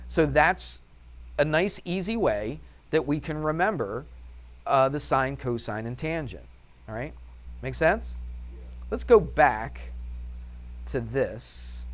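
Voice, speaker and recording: A man's voice: fairly high pitch, animated, takes it slowly, pauses often. A man teaching a math class, upbeat and chatty, firing questions at the students and answering them himself. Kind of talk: classroom lesson.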